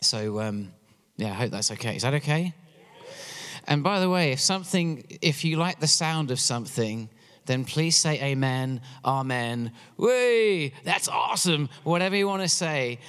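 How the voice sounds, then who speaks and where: A man's voice: mid-range voice, lively intonation, moderate pace, fairly bright tone, clean tone. A man from England with an English accent, a church worship director giving a chatty, joking message to a congregation. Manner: chatty, joking, encouraging crowd. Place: church hall. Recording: long hall reverb.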